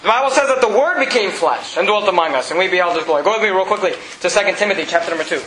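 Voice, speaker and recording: A man pastor preaching a sermon with emphatic repetition, reading scripture slowly and deliberately. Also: sits high, expressive, echoey room, crowd noise, low-quality recording. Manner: emphatic preaching, repeats scripture references, reads King James verses slowly. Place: church.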